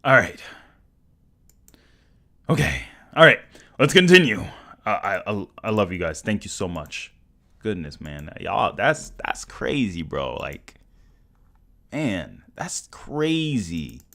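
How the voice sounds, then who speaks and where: A young man hosting a live stream, excitable and stammering, swinging between shouts and mumbles. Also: on the low side, takes it slowly, pauses often. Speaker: livestream host. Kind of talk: casual live stream chat.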